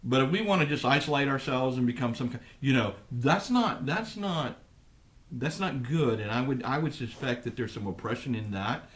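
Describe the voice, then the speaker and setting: A middle-aged man, a pastor, talking on a live ministry program in a thoughtful, halting way with many restarts. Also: mid-range voice, expressive, a bit bright. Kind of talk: live radio ministry talk.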